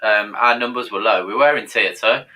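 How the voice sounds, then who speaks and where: A man's voice: lowish voice, moderate pace, pushed and bright, poor audio. A man from near Birmingham chatting casually as a panelist on a fan show, full of friendly banter. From English Midlands.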